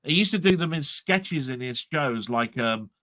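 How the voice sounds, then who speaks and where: A co-host on a laid-back livestream, this man has a fairly high voice with lively intonation and a bright, forceful tone. He talks at a moderate pace, rambling through stories that stop and start, with plenty of repeated words.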